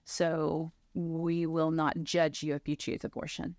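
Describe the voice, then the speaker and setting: A woman's voice: sits low, little pitch movement, unhurried, darkish tone, no room sound, clean studio sound. A woman in her thirties sharing a personal testimony, earnestly telling her story and acting out what people said to her. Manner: earnest storytelling, acts out quoted dialogue.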